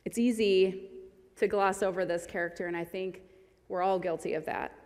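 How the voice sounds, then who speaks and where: A woman's voice: on the low side, fairly even intonation, moderate pace, a little mellow. A woman giving a sermon in an earnest, conversational way, reading scripture aloud along the way. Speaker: preacher. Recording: long hall reverb.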